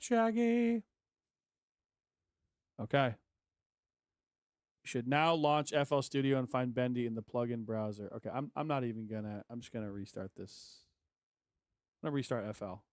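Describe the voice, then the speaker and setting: A man of middle pitch talks half to himself and half to his viewers as a software install drags on. He mutters, swears and sighs when things fail. His voice is dry and close, with no room sound around it. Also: steady tone, moderate pace, long pauses, no echo. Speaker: music producer vlogger. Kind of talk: casual screen-recording chat.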